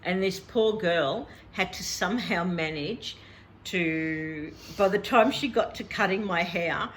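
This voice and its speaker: A woman's voice: fairly low pitch, slow pace, slight background noise. A middle-aged woman, chatting casually as a vlog host and laughing often as she tells a story. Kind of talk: casual chat.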